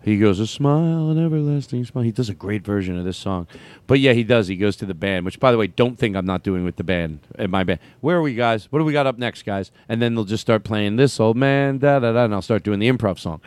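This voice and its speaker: A man's voice: on the low side, fast talker, a little mellow, dry recording. A man hosting a comedy podcast, bantering playfully and jumping from one bit to the next. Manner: playful, jumps between bits. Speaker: podcast host.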